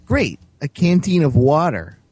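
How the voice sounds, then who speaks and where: Man doing a wisecracking boy sidekick, squeaky, high-pitched, jumpy, storybook reading. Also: wildly swooping pitch, brisk, a little hiss or hum. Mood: wry.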